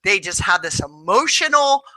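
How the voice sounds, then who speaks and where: Chatty woman doing tarot talk, super bright voice, upbeat and rambly. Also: mid-range voice, very animated, moderate pace, no room sound, poor audio. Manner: chatty and upbeat, with many fillers. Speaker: tarot reader co-host. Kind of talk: casual chat about astrology and tarot.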